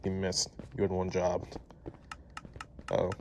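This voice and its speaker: A man's voice: deep voice, completely flat delivery, unhurried, a little mellow. A young man from Maryland with a Baltimore accent, chatting casually through a video while getting sidetracked and laughing at his own slips. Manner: chatty, distracted, laughing at himself. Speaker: vlogger. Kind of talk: casual commentary over gameplay.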